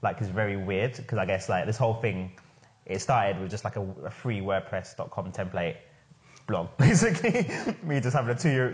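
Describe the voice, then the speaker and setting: A man's voice: on the low side, normal speed. A man hosting a casual podcast discussion, talking enthusiastically in a chatty way with lots of "like". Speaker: podcast host and founder.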